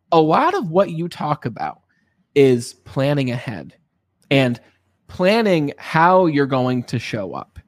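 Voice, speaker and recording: Male interview host, lively storyteller, slightly high voice, dry close sound. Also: dry recording. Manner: animated storyteller, frequent tag questions. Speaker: podcast host. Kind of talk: casual interview chat.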